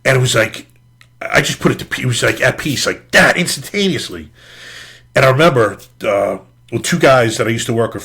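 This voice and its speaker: A man's voice: lowish voice, fairly bright tone. A middle-aged man, a podcast host and retired police officer, tells his personal story in an interview. He talks candidly and earnestly, swears casually and often says "man".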